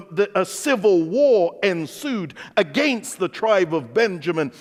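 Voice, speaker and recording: A male preacher with an English accent, his voice pitched high and swinging widely as he tells stories. He delivers a sermon in an animated way, acting out the other voices in his stories. A long reverb trails each phrase, as if he is in a large hall. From England. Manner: animated storytelling preacher, acts out dialogue. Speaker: pastor.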